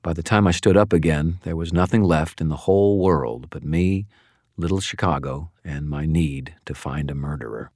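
Deep-voiced male audiobook narrator. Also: moderate pace, a little mellow, no room sound, studio quality. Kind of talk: first-person novel narration.

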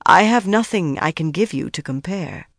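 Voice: mid-range voice, expressive, normal speed, creaky, a bit bright, no echo, studio quality. A reader voicing a guarded, commanding older woman in an audiobook, speaking cautiously and with care. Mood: careful. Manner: cautious, careful speech.

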